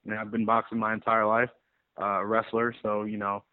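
A man who wrestles, telling stories in a rambling, animated way in a casual interview. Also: on the low side, brisk. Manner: rambling, animated storyteller with many restarts. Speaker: pro wrestler guest. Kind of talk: casual interview over the phone. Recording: tinny phone line.

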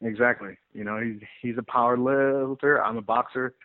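A man who wrestles, telling stories in a rambling, animated way in a casual interview. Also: medium pitch, normal speed. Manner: rambling, animated storyteller with many restarts. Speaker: pro wrestler guest. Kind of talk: casual interview over the phone. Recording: tinny phone line.

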